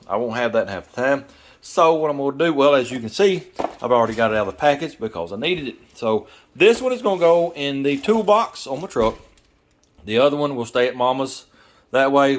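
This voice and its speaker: A man with a Southern American accent talking casually in a garage workshop, rambling and folksy, thinking out loud with lots of fillers. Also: medium pitch, brisk, slight background noise. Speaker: garage YouTuber and mechanic. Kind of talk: casual workshop vlog talk.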